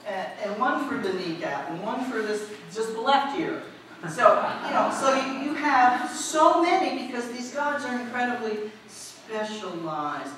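A woman preacher giving a lively storytelling sermon, asking the congregation questions as she goes. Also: a little high, measured pace. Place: church. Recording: echoey hall, distant mic, faint noise.

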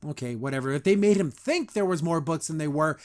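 A young man with a fairly high, light voice hosts a podcast review. He talks loosely and chattily, quoting characters in quick put-on voices and laughing between points. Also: expressive. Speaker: podcast host reviewing a cartoon. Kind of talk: casual reaction commentary.

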